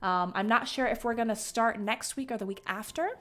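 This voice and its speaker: A woman from the Southern United States with a light Southern American accent, hosting a stream as game master in excitable, bubbly casual chat. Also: on the high side, brisk. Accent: light general Southern American. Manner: bubbly, excitable, laughs often.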